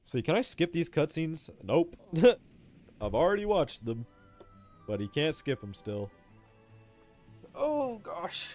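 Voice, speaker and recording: A young man live-streams a video game with casual, profane commentary, calling everyone "bro" constantly and laughing often. His voice is a little high and sing-song, with a measured pace and a darkish tone. Faint game music plays behind him.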